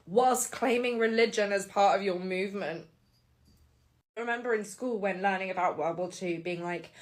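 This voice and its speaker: A woman's voice: medium pitch, normal speed. Woman, tearful and pleading, vlog to camera. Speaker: social media commenter. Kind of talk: emotional vlog.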